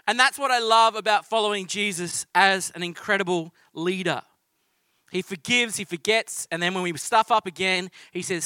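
A man's voice: high-pitched, normal speed, bright, forceful tone, clean tone, no room sound. A man with an Australian accent preaching a sermon in a conversational, storytelling way. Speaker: pastor.

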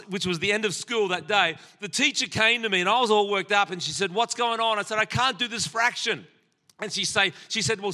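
A man's voice: high-pitched, bright, forceful tone. An Australian man in his sixties preaching a sermon, telling personal stories with humor and speaking directly to the congregation. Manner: storytelling with humor, addressing the congregation.

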